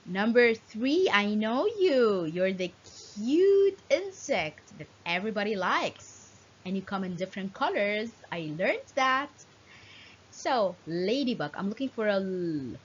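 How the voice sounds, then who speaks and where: A woman teaching young children, her voice swooping widely up and down in a sing-song way with playful animal sounds. She speaks slowly, with a slightly husky, breathy tone. The recording is a bit dull and lo-fi. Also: mid-range voice, big pitch swings. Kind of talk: children's lesson.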